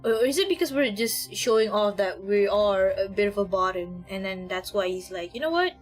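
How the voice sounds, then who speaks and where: A woman's voice: mid-range voice, steady tone, normal speed, soft background music. A young woman streaming a game, with giggly, rambling commentary and frequent laughter. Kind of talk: casual gameplay commentary.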